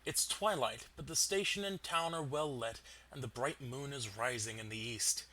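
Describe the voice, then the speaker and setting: A man narrating a tabletop game as game master, in steady, descriptive storytelling. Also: medium pitch, normal speed, slight background noise.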